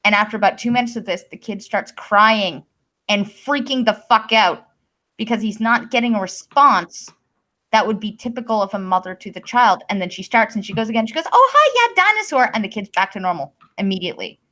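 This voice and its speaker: A woman's voice: mid-range voice, fairly even intonation, a little fast, a bit bright, rough recording. A woman from Canada hosting a live-stream podcast, explaining her views at length in casual talk with casual swearing. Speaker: podcast host.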